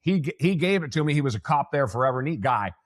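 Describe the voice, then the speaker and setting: Rambling middle-aged podcast host. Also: male voice, on the high side, animated, quick pace. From United States. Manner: rambling, many restarts and asides. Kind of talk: conversational interview.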